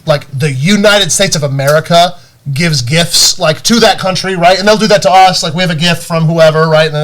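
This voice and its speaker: A man's voice: a little high, a little fast. A man co-hosting a podcast, telling stories in casual chat with lots of fillers, restarts and laughs. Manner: animated storytelling, many fillers and restarts. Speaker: podcast co-host.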